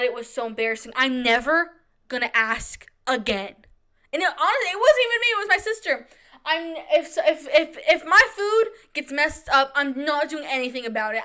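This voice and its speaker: A woman's voice: high-pitched, moderate pace, pushed and bright. A young woman hosting her own podcast, chatting casually and telling stories dramatically, acting out the people in them. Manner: chatty, dramatic storytelling with quoted voices. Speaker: podcast host. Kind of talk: casual solo podcast chat.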